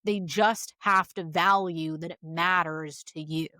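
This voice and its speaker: A young woman, a therapist, co-hosting a podcast, chatty and animated as she tells stories in casual conversation. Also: lowish voice, unhurried, dry recording, clean studio sound.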